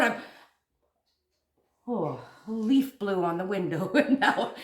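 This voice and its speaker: A woman hosting a crochet channel, telling a story to camera in a casual, animated and jumpy way, laughing at herself. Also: mid-range voice, slow, pauses often. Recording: echoey room.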